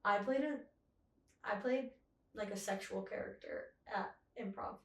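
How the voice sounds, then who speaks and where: A woman's voice: mid-range voice, measured pace, reverberant, recorded from a distance. A young woman co-hosting a podcast, chatting casually and acting out voices in her stories. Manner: expressive, acts out voices in anecdotes. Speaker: podcast co-host. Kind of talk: casual chat.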